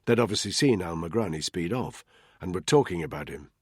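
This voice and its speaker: A man narrating a thriller audiobook in a tense, measured storytelling manner. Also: low-pitched, lively intonation, darkish tone, husky, dry recording, clean studio sound. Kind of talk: scripted narration.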